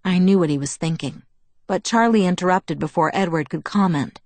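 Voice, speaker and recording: A woman reading a novel aloud as narrator, in a steady, even storytelling manner. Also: on the low side, brisk, no room sound. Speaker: audiobook narrator. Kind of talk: scripted narration.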